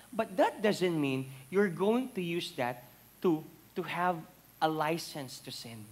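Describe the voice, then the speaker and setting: A Filipino man preaching a sermon, mixing English and Tagalog and building to loud, emphatic peaks on key words. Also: a little high, lively intonation, takes it slowly. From Philippines. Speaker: pastor.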